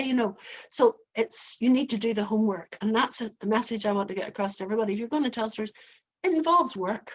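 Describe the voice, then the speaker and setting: An older woman from Northern Ireland with a Northern Irish accent, speaking fast in a fairly high voice, is interviewed as a storyteller guest in a conversational setting. She's emphatic and forthright. The recording quality is low.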